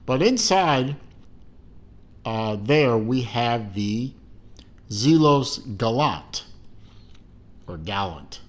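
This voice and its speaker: A man's voice: mid-range voice, animated, drawn-out words, pauses often. A middle-aged man giving a casual watch unboxing review, rambling with fillers and self-corrections and dropping dry, self-mocking asides.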